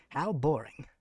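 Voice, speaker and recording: A streamer chatting live on a desk mic, using grand, formal, mock-villainous phrasing with sarcastic deadpan jokes. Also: mid-range voice, slightly rough, no room sound. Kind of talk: casual live-stream chat.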